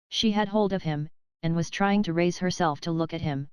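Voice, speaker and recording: Brief: woman audiobook narrator, measured scripted storytelling, lowish voice, very clean and dry. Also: a little mellow, smooth, dry recording, rough recording. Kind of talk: scripted narration of a classic novel.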